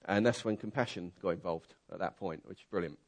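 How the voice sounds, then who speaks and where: A man preaching a conversational sermon, telling a story that swings from quiet asides to loud, excited bursts. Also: deep voice, quick pace.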